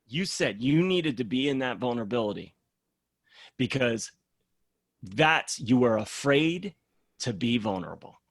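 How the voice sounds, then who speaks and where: A man, a program founder, speaking in a casual podcast conversation as an animated storyteller who acts out the voices he quotes. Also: mid-range voice, measured pace, long pauses, no room sound, studio quality.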